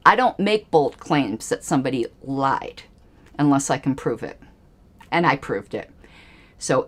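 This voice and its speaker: A woman's voice: low-pitched, big pitch swings, slow pace. A woman hosting a livestream, giving angry, emphatic political commentary with pointed repetitions. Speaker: livestream host.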